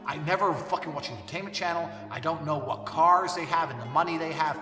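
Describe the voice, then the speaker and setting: A man's voice: a little high, a little fast, pushed and bright. A man delivering a blunt, profane ranting monologue as an online commentator. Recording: echoey hall, voice far from mic, faint music.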